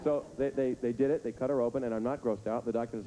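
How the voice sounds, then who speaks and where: A male stand-up comedian teasing audience members with rapid, absurd riffs on a theater stage. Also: medium pitch, steady tone, a crowd in the background. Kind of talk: stand-up comedy with crowd work. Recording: noisy live stage recording.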